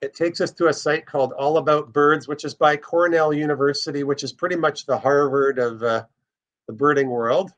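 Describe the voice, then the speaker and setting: A man's voice: fairly high pitch, fairly even intonation, normal speed, a bit bright. A man teaching a casual online birding lesson, explaining step by step as he plays bird recordings. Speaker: birding instructor.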